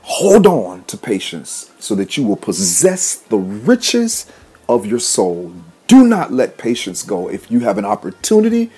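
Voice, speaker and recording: A man's voice: on the low side, huge pitch swings, unhurried, dark tone, breathy edge. A man preaching a motivational sermon, repeating phrases in a rhythmic, emphatic way and leading affirmations. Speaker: podcast host and preacher.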